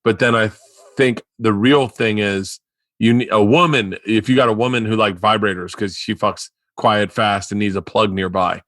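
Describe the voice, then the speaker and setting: A man's voice: on the low side, normal speed, no echo, studio quality. Rambling, profane male podcast host. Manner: rambling, profane, excitable storytelling. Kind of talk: casual chat.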